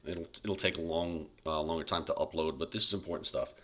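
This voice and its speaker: A male teacher giving a casual recorded history lecture over slides, chatty and loose, talking straight to his students and acting out leaders in quick bits. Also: extremely low pitch, fairly bright tone. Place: home, recording alone during school shutdown.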